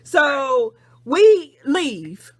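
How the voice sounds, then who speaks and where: A woman's voice: high-pitched, big pitch swings, very slow, no echo, studio quality. A woman telling a story in a casual, profane rant over the phone and acting out what other people said. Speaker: podcast host. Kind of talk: casual venting on a phone call.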